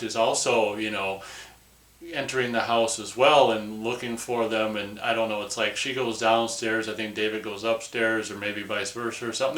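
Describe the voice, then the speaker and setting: Rambling man reviewing a film, bright voice. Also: medium pitch, roomy sound, poor audio. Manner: rambling, loose, peppered with "or whatever". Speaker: movie reviewer.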